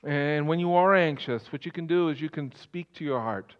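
Man, pastor preaching a sermon, smooth resonant voice, long church reverb. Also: a little high, moderate pace. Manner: impassioned preaching, swings between loud and soft. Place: church sanctuary. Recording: dull sound, long hall reverb.

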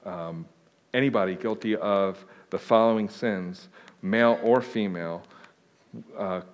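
A man speaking as a pastor, his voice sitting a little lower than most. He answers the congregation's questions in a relaxed, plain-spoken way, dropping in joking asides. The church sanctuary gives his words a long, ringing reverb. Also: measured pace. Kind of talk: conversational sermon answering questions. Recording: long reverb of a large hall.

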